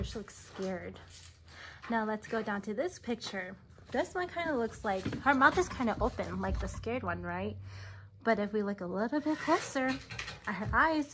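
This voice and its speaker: A woman teaching a recorded preschool lesson, speaking slowly and patiently with lots of simple questions. Her voice sits fairly high. The recording carries clear background noise and clicks. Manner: slow, patient, questioning tone for small children. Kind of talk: recorded classroom lesson for young children.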